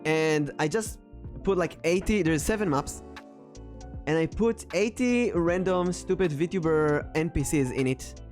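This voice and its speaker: A man's voice: on the high side, a little slow, darkish tone, soft background music. A man chatting casually as a streamer and game master, enthusiastic and playful. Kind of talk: casual chat.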